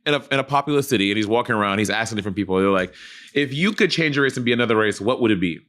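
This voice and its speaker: A man's voice: on the low side, lively intonation, very fast, a bit bright. A man co-hosting a podcast, telling stories in a rambling, self-correcting way. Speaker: podcast co-host. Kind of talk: casual chat.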